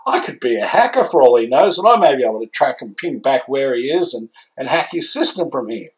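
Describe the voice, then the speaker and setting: A man's voice: mid-range voice, big pitch swings, fairly quick, rough recording. A man ranting indignantly in an opinion vlog, exasperated and scolding. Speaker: vlogger.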